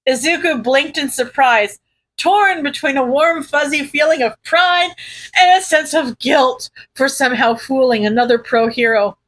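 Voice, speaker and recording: A woman reading a fan fiction story aloud with lively narration. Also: sits high, measured pace, poor audio. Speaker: audiobook reader.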